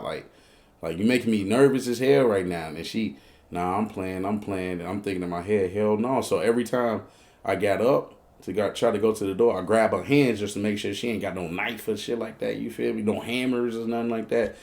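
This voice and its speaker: A man's voice: brisk, darkish tone. Slangy Chicago man telling a wild story. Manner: slangy and profane, acting out both sides of the dialogue; breaks into high, squeaky outbursts when telling panicked moments. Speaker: storyteller host. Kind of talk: casual comedic storytelling.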